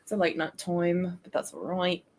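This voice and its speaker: A woman co-hosting a casual writing stream, excitable and giggly. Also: fairly low pitch, normal speed, slight background noise. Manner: giggly and excitable, reads aloud in a put-on accent. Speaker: streamer co-host.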